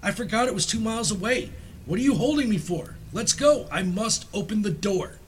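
A man voicing a frantic shrill old woman. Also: normal speed, bright, forceful tone, slight background noise, exaggerated voice. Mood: frantic, pleading. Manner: shrill, desperate pleading. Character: frantic grieving old mother.

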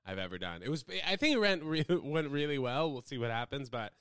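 A young American man chatting casually with his live viewers, rambling from topic to topic and swinging between loud bursts and low mumbles. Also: big pitch swings, a little fast, clear, resonant tone, no room sound, studio quality. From United States. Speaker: livestreamer. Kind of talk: casual rambling livestream chat.

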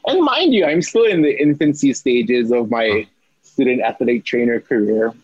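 A young man, an athletic trainer, telling a story about himself in animated bursts, stammering and acting out his own panicked lines. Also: medium pitch, normal speed, husky, dry recording, lo-fi sound.

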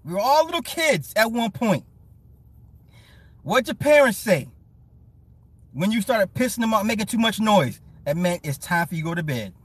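A man's voice: high voice, very animated, moderate pace, pauses often, a bit bright, husky, dry recording. A man casually ranting to his live chat, teasing and profane, laughing often as he mocks someone. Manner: mocking, petty storytelling. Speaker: live-stream commentator.

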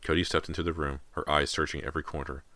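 A man narrating a horror audiobook in a measured storytelling manner. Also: rumbling low, flat delivery, pushed and bright, dry recording.

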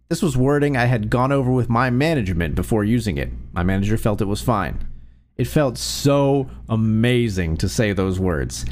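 Lively male story narrator. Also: lowish voice, normal speed. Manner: lively, expressive storytelling reading. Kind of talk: scripted narration of an online post.

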